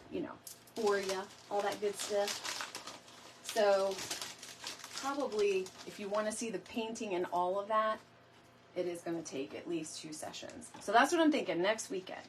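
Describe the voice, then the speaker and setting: A chatty middle-aged woman rambles to her live-stream viewers as she works on a craft project. She calls them y'all, drifts between asides, and stops now and then to cough. A faint hiss of noise sits behind her voice. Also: mid-range voice. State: lingering cough. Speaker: DIY crafting host. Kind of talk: casual live-stream chat while crafting.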